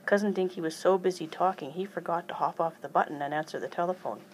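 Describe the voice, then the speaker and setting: A woman reading a children's chapter book aloud in an even storytelling manner. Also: lowish voice, quick pace, slight background noise, rough recording. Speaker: reader.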